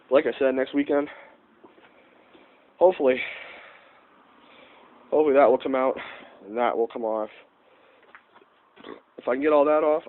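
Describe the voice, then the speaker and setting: Young male vlogger, nasal from a cold, rambling and self-correcting, tinny lo-fi audio. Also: medium pitch. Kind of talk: casual car-repair vlog.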